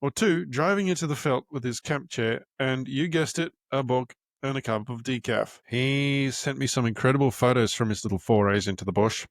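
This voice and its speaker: A man's voice: mid-range voice, moderate pace, few pauses, no room sound, clean studio sound. Candid young man reading his own book. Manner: candid and casual, swears freely, stops to find his place. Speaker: podcast host and author.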